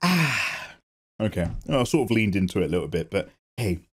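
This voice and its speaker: A man's voice: fairly low pitch, big pitch swings, moderate pace, fairly bright tone, slightly rough. A man hosting his own art channel, reading viewer comments in casual chat while drawing, playful and self-mocking. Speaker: artist and channel host.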